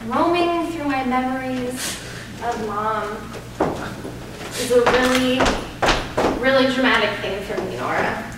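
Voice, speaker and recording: A woman improvising on stage as a pushy, scolding sister who lectures her sibling and breaks into shrill outbursts. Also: slow, pauses often. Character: bossy scheming sister, young woman. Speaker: improv performer. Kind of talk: improvised stage comedy scene. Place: small theater stage. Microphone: distant room mic. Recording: echoey theater from far off, noisy.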